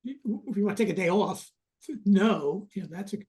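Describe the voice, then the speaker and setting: A man's voice: sits high, a little fast, darkish tone. A man hosting an interview, casually affirming the guest and summing up his points. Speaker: host.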